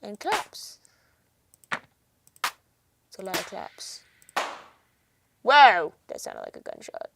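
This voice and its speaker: A woman's voice: mid-range voice, huge pitch swings, slow pace, gravelly, long pauses, noisy background. A woman producing music on a livestream, chatting casually and reacting with jokes. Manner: chatty, jokey, reacts loudly to sounds. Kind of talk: casual livestream chat, reading chat aloud.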